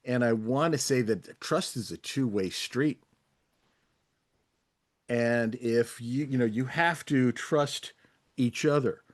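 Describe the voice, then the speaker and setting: A man's voice: medium pitch, slow pace, long pauses. A man on an online group discussion, making thoughtful points and using playful examples to illustrate them. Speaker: panel participant.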